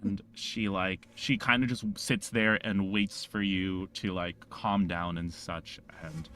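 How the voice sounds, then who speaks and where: Low-voiced, rambling male game master. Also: steady tone, a bit bright. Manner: rambling, halting, lots of fillers and restarts. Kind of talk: narrating a tabletop game.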